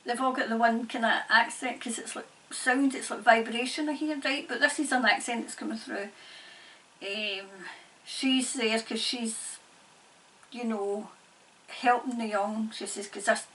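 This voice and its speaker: A woman giving a spirit-channelling reading in halting, repetitive, murmured phrases. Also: on the high side, fairly even intonation, fairly bright tone. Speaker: tarot reader and medium. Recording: distant mic, faint background noise.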